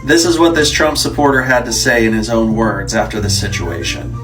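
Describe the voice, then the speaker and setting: A man reading scripted news-style narration in a measured, matter-of-fact way. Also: medium pitch. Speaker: channel narrator. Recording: distant mic with guitar music bed.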